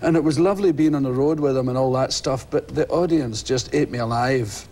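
A Scottish man, a guest comedian, telling animated stories on a talk show and acting out voices and crowd shouts. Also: medium pitch, brisk. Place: television studio.

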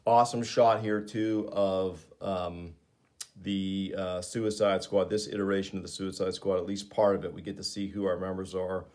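Male comics reviewer, casual and eager, lower voice. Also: level tone, normal speed, a little mellow. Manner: enthusiastic, with frequent fillers.

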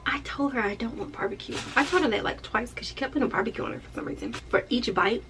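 A woman's voice: fairly high pitch, quick pace, background noise. A chatty woman vlogging at an easy, loose pace, talking to her viewers like friends. Her voice sits in an ordinary middle range, with faint room ambience behind her. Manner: chatty, loose and playful, talks straight to viewers. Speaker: lash tech vlogger. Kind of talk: casual vlog chat.

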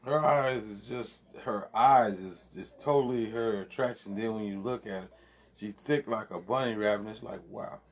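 A man rambles casually from his home man cave, swearing freely and laughing as he goes. His voice sits low with a gravelly fry running through it. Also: normal speed. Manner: loose, profane, laughs often. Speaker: vlogger.

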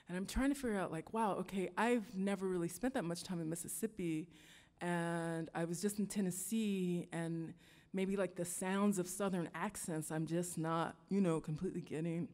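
Woman storyteller, low-ish voice, earnest and halting, live hall with long reverb. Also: darkish tone. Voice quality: reflective, earnest, halting with fillers. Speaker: musician and storyteller. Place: stage in a large hall before an audience.

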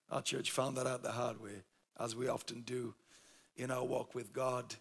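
A man's voice: medium pitch, little pitch movement, takes it slowly, gravelly, breathy edge. A man with a Yorkshire accent preaching a sermon, telling a story with emphatic, humorous delivery. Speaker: pastor.

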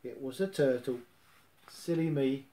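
A man doing a soft-spoken teddy bear. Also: mid-range voice, measured pace, natural voice. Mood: mild.

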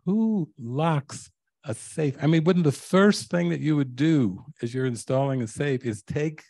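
A man's voice: medium pitch, moderate pace, creaky, a little mellow, no echo. Older man telling stories with laughs. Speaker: spiritual teacher. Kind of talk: storytelling talk to a live audience.

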